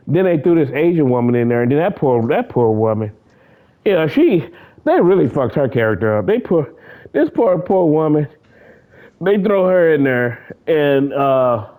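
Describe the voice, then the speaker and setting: A man chatting casually while gaming, rambling and cursing, often breaking into laughter. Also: fairly high pitch. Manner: animated, laughing, rambling, profane.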